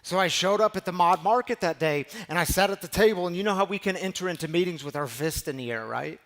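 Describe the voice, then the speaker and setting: A man preaching a sermon as pastor, telling a personal story and moving between hushed, slow passages and loud, emphatic ones. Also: sits high. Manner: heartfelt, storytelling preacher with repeated phrases.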